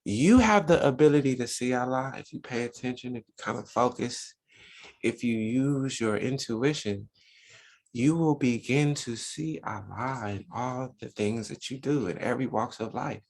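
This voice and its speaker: A man's voice: medium pitch, moderate pace, vocal fry, darkish tone. A man teaching a religious Sunday school lesson, preaching with lots of rhetorical questions to his listeners.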